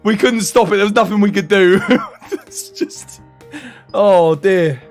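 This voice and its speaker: A young British man chatting casually on a live stream, animated and laughing in exasperated banter. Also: high voice, moderate pace, faint music behind. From United Kingdom.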